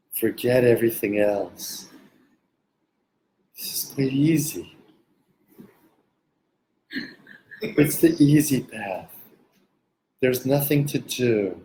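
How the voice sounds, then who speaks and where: A man's voice: mid-range voice, mellow. A man teaching meditation in a casual question-and-answer talk, blunt and joking in his manner. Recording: roomy echo.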